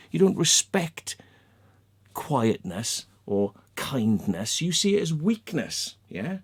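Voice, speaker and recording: English man, angry vlog rant, lots of swearing, voice swings high and low. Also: darkish tone. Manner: sweary, heated, repeats "yeah?" and "right?". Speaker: video blogger. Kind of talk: angry ranting monologue.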